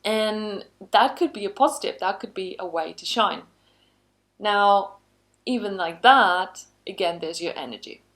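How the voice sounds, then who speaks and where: A woman's voice: medium pitch, a little slow, a bit bright. A woman trainer giving an online lesson in a chatty, conversational way, with frequent asides and upbeat emphasis. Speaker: workplace skills trainer.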